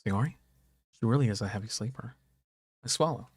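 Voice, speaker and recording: A man streaming a game, reading its dialogue aloud and breaking off into excitable, profane reactions. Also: lowish voice, a little fast, husky, no echo, clean studio sound.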